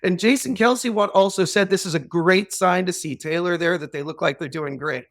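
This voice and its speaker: A man's voice: high voice, normal speed, fairly bright tone. A man on a podcast, sharing gossipy, playful updates in casual banter.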